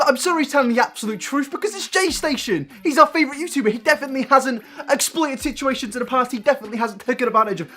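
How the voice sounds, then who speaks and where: A man's voice: very high voice, pushed and bright. A British man giving sarcastic, swearing reaction commentary on another creator's video. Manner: sarcastic, swearing, mock-pleading asides. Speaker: commentary YouTuber.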